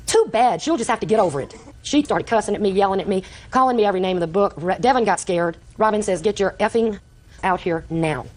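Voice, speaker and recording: An older woman testifying in court, telling her story quickly and acting out the conversations she recounts. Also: mid-range voice, a little mellow. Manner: rapid, breathless storytelling, acting out quoted exchanges. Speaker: litigant.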